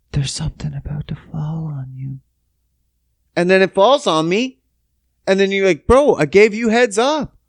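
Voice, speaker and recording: A young man hosting a casual podcast, telling a profane, animated story and acting out the quotes. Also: a little high, no echo, clean studio sound. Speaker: podcast host. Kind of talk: casual solo podcast rant.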